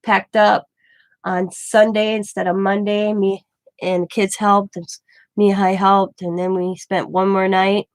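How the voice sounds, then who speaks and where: A woman's voice: mid-range voice, unhurried, no echo. A middle-aged woman, host of a craft channel, casually telling a rambling personal story and acting out the dialogue as she goes. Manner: rambling, animated retelling with quoted dialogue.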